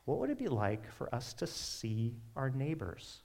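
A man preaching a sermon in a conversational, animated way, with quick asides to his listeners. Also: a little high. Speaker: pastor.

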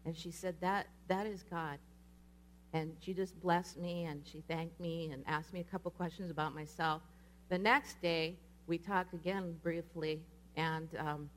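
Animated woman telling a sermon story. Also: fairly low pitch, a little hiss or hum. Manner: animated, acts out quoted voices. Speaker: speaker.

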